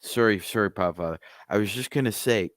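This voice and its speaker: Smooth-voiced, polite sports podcast co-host. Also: male voice, lowish voice, a little fast, no room sound, studio quality. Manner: polite, apologetic, rambling. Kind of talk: casual sports talk.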